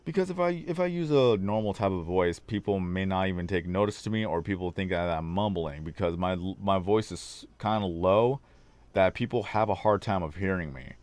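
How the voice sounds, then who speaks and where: Male livestream host, low baritone, a little hoarse, rambling chat, close and dry mic. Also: normal speed, darkish tone, dry recording. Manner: rambling, talks on long tangents. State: slightly hoarse, losing his voice. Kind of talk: casual livestream chat with viewers. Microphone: desk microphone.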